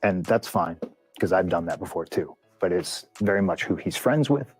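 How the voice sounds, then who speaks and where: Heated, profane low-voiced man. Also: lively intonation, normal speed, breathy edge, no room sound, soft background music. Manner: profane, heated retelling with lots of quoted dialogue. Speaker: interview guest, pro wrestler. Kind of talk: candid storytelling in a long-form interview.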